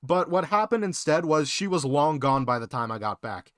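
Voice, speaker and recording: A young man casually telling work stories in a podcast chat, animated and full of profanity. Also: on the high side, moderate pace, no room sound, clean studio sound. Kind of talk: casual storytelling.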